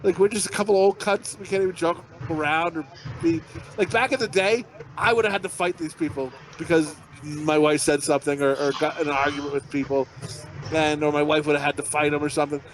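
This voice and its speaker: A man's voice: fairly high pitch, fairly even intonation, a little fast, slight background noise. A middle-aged man and podcast co-host telling rambling, profane, self-mocking stories in casual chat. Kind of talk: casual storytelling.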